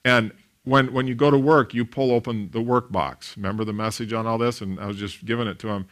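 A man, a pastor, preaching a sermon in an animated storytelling way, with big swings in loudness. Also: mid-range voice, brisk.

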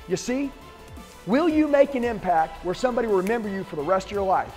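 Intense high-voiced man preaching sales. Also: lively intonation, fast, a little mellow, big-room sound, faint music behind. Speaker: sales trainer. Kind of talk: motivational talk to camera.

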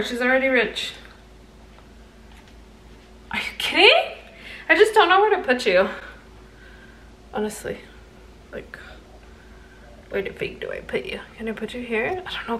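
A woman's voice: fairly high pitch, expressive, a little fast, long pauses, pushed and bright, reverberant, distant mic, slight background noise. A young woman chatting casually in a cooking vlog in her kitchen, self-mocking and slipping Spanish words into her English. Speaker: vlogger. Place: home kitchen. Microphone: camera on tripod.

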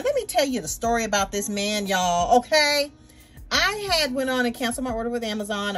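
A woman, a doll-collecting vlogger, venting to viewers in a chatty, emphatic casual rant. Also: mid-range voice. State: tearful, emotional near the end.

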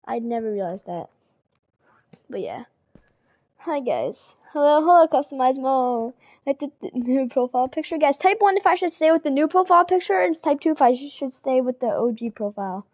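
A fairly high-voiced woman streaming live and chatting loosely with her chat. She talks in easy, repetitive bursts and greets viewers as they come in. A slight cold sits in her voice. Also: big pitch swings, moderate pace, lo-fi sound. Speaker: game streamer.

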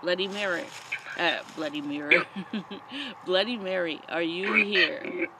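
Woman, paranormal vlog host, jittery and unhurried, questioning spirits in the woods by a busy road. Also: lowish voice. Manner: nervous, talks to spirits in short questions. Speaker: paranormal investigator. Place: outdoors in a forest near a road at night. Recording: outdoor traffic noise. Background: passing traffic.

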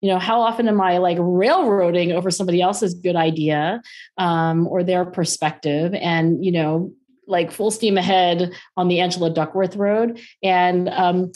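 A middle-aged woman as an interview guest, talking in casual, animated conversation and laughing easily as she acts out quoted voices. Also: on the low side, normal speed.

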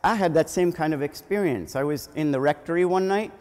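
A male priest with a fairly high voice gives a children's homily in a church, and his words ring out with a long reverb. He tells a story with lively energy and keeps asking the children questions. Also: fairly quick. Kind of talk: children's homily at a family Mass.

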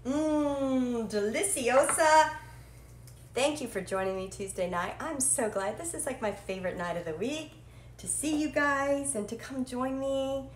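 A woman's voice: high voice, lively intonation, moderate pace, a little hiss or hum. Bubbly woman chatting in an echoey kitchen. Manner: chatty, self-deprecating, bubbly. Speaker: cooking show host. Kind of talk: live cooking stream chat. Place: home kitchen. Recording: echoey kitchen with faint clatter.

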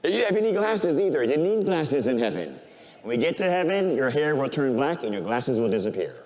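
An older man, a priest, preaching a sermon and telling an emotional personal story, swinging from loud proclamation to quiet, near-tearful speech. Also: mid-range voice, very animated, brisk, big-room sound.

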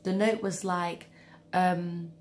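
A woman's voice: fairly low pitch, fairly even intonation, slow. Chatty woman with a cold. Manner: chatty, rambling with asides. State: has a cold, coughing. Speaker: vlogger. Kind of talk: casual storytelling.

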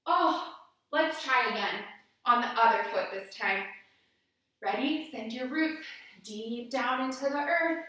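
A woman leads children's yoga in a slow, unhurried voice, bright and a little high. Her cues are gentle and playful. The room sounds very echoey, and she stands back from the mic. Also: far from the mic. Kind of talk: guided kids' yoga lesson.

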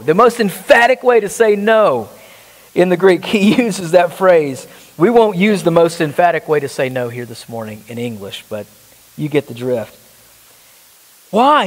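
A man's voice: on the high side, expressive, normal speed, in a large hall, rough recording. A man preaching a sermon as pastor, emphatic, asking the congregation rhetorical questions. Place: church.

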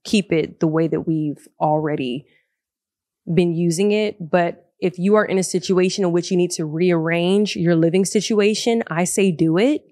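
Young woman, podcast host, lowish voice, dry close sound, chatty and excitable. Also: moderate pace, dry recording. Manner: chatty and animated, laughs often. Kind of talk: solo podcast talk. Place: living room of a large loft apartment. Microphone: podcast microphone.

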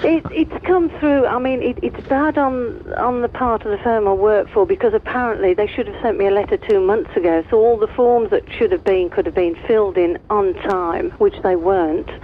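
A woman's voice: medium pitch, normal speed, hardly any pauses, a little hiss or hum. A woman in her fifties calling a radio phone-in, speaking in a frustrated, hesitant way. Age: 50s. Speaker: caller. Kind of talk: phone-in call. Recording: tinny phone line on radio.

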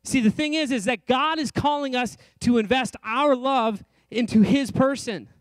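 A man's voice: very high voice, moderate pace, no room sound. A middle-aged man preaching a sermon in a church, earnest and conversational with light self-deprecating asides. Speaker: pastor. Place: church sanctuary.

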